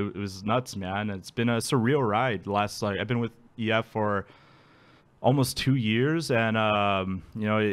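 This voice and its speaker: A man being interviewed, telling his story casually, laughing often and acting out quotes. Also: on the low side. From Alaska. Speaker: guest.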